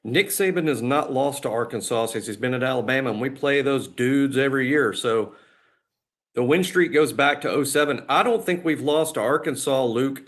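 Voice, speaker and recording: Man, podcast co-host, mid pitch, laid-back, wry, conversational. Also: a bit bright. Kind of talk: casual sports podcast chat.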